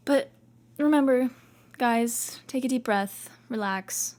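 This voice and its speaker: A woman's voice: a little high, slow, darkish tone. A young woman hosting a podcast, talking casually and reassuringly, as if talking to herself, with lots of "like"s. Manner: chatty, reassuring, self-talking with many "like"s. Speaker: podcast host. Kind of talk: casual self-help talk.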